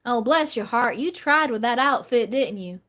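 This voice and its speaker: A woman's voice: on the high side, expressive, moderate pace, fairly bright tone. A woman voicing a sweet but sassy Southern lady with a Southern US accent and a syrupy, teasing drawl. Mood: mock pity.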